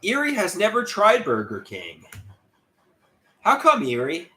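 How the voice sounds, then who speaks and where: A man's voice: high voice, huge pitch swings, a little slow, sharp tone. A man hosting a casual livestream, rambling and chatty as he reads out viewer comments and greets them by name. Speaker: livestream host.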